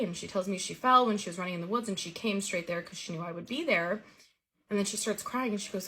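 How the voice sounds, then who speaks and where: A woman's voice: mid-range voice, a little fast. A woman earnestly recounting a vivid personal dream story in a casual way. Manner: earnest, vivid retelling with lively quoted dialogue.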